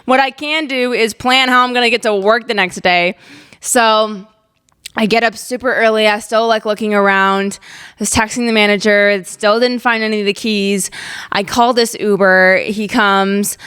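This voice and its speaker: A woman's voice: medium pitch, moderate pace, clear, resonant tone. A young woman in her twenties hosting a podcast, telling a personal story in a candid, chatty way with lots of "like"s. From Ozarks, USA. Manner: chatty, many "like"s, candid and expressive. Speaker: podcast host.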